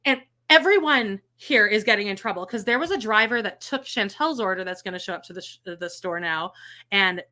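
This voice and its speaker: A young woman telling a story in casual chat, animated and swearing freely, acting out what people said. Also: medium pitch, fairly quick. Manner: animated, swears a lot, acts out quotes with shrieks.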